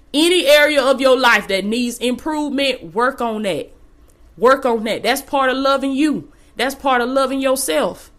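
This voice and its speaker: A woman's voice: high voice, a bit bright. A woman giving a faith-based motivational talk, exhorting listeners in a casual, colloquial way and repeating phrases for emphasis. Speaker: motivational speaker.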